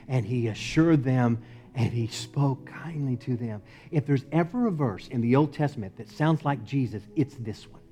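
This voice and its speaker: A male pastor preaching a sermon in a church, moving from loud emphatic lines to low, quiet ones. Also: moderate pace, soft background music. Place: church sanctuary.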